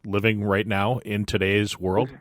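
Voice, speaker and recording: A man's voice: on the low side, level tone, a little slow, no room sound, studio quality. A man hosting a podcast, speaking reflectively in a casual interview chat. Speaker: podcast host.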